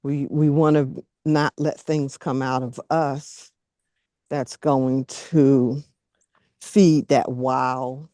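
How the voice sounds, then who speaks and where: A woman leading a group video call, speaking gently and encouragingly. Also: rumbling low, little pitch movement, extremely slow, no room sound, studio quality. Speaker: group facilitator.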